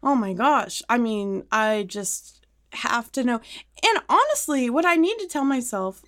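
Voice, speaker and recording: A woman co-hosts a casual podcast, her voice fairly high and her pace measured. She's an animated storyteller who laughs often and acts out quotes.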